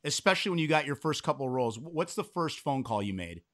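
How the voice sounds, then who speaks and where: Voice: medium pitch, very animated, fast talker, a bit bright. A co-host asking an interview guest short follow-up questions. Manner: short encouraging backchannels. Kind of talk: casual interview.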